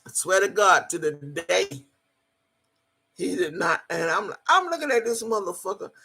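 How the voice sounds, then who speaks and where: A woman telling a personal story in a casual, animated way, swearing freely as she goes. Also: fairly low pitch, normal speed, a little hiss or hum.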